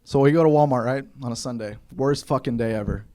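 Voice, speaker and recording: A man from Kentucky telling stand-up stories on stage to a live audience, with an animated, punchy, conversational delivery into a handheld mic. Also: mid-range voice, quick pace. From Kentucky, USA. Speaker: stand-up comedian. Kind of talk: stand-up comedy storytelling.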